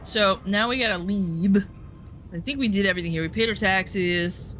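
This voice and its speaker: A woman's voice: medium pitch, normal speed, fairly bright tone, soft background music. A woman chatting casually and profanely while streaming a game, full of rambling asides. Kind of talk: casual gameplay commentary.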